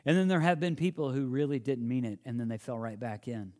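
A man's voice: medium pitch, steady tone, fairly quick, a little mellow. A man preaching a sermon, earnest and emphatic, often restarting phrases as he quotes and explains scripture.

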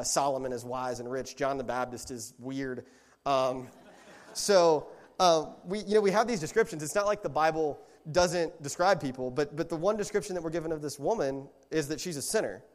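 A man gives a relaxed, conversational sermon in a church hall, retelling the story as he goes and correcting himself mid-sentence. His voice sits in a middling range. A long reverb from the big room trails after each phrase. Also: medium pitch. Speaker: lay preacher.

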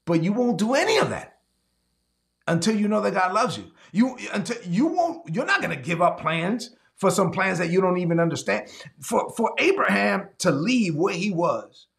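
A man preaching a sermon, emphatic, repeating key lines slowly and acting out quick little dialogues. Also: high voice, sing-song, vocal fry, a bit bright. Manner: acts out quick back-and-forth dialogues.

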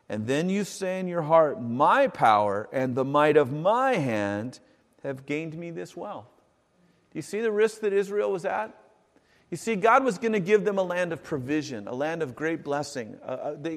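Man, pastor preaching, animated, reads scripture aloud, slightly high voice, long echo of a church hall. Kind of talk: sermon.

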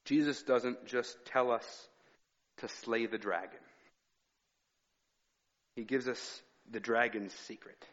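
Speaking slowly with long pauses, a male pastor keeps a steady, slightly bright mid-range voice while mixing personal stories into his sermon. The conversational preaching takes place in a church sanctuary, captured with dull, echoing hall acoustics.

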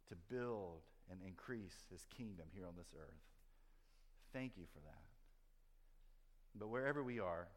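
Pastor preaching in a reverberant church. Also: male voice, lowish voice. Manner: storytelling, shifts from lively to hushed and earnest. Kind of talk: sermon. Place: church sanctuary. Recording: long hall reverb.

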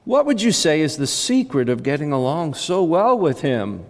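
A bright, smooth-talking young host, played by a male preacher, coaxing and upbeat as he draws people forward. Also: on the high side, big pitch swings, moderate pace, in a large hall, pitched above the performer's own voice. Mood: cheery. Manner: cheery, coaxing.

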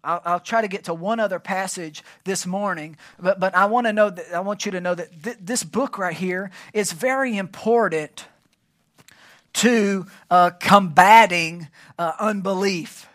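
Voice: medium pitch, measured pace, fairly bright tone. A pastor preaching a sermon at a church service, emphatic and prompting the congregation to fill in words.

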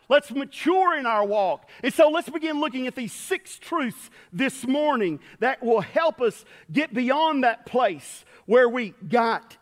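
A man preaching a sermon as pastor, folksy and storytelling. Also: very high voice. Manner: folksy, storytelling with quoted voices. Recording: long hall reverb.

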